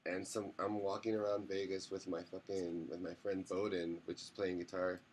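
A man co-hosting a podcast, telling a story in an animated way, cursing often and acting out the quotes. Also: low voice, normal speed, slight background noise. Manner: animated, swearing, acts out quotes. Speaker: podcast co-host. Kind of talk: casual storytelling chat.

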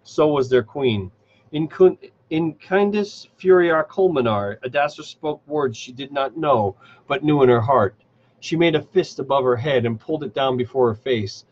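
A man's voice: medium pitch, normal speed, a little mellow, husky, lo-fi sound. A man giving a live reading of a fantasy novel, stumbling and correcting himself as he goes. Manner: reading with frequent restarts and self-corrections. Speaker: reader.

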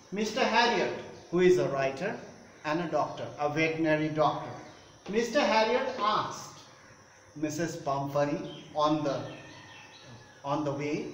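Slow, high-voiced teacher. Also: male voice. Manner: explains word meanings, repeats phrases. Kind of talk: online class, explaining a story. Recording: echoey room with faint noise.

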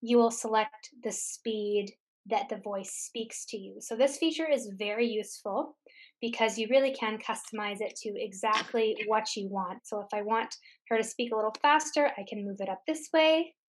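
Patient woman walking through software steps. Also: a little high, moderate pace. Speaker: tech tutor. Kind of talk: screen-share software tutorial. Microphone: computer mic on a recorded webinar.

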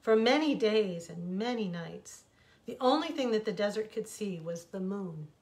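A woman author reading her own fables aloud, expressive and reflective. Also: medium pitch, normal speed. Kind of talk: storybook reading.

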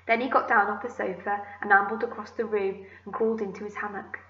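A woman teacher reading a children's book aloud to her class, gentle and expressive. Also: medium pitch, a little fast, roomy sound, highs cut off. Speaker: primary school teacher.

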